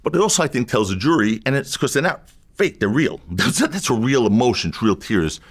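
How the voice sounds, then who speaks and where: A husky-voiced male defense lawyer with a medium pitch talks a little fast as an interview guest. His storytelling is animated and emphatic, and he repeats phrases to drive points home.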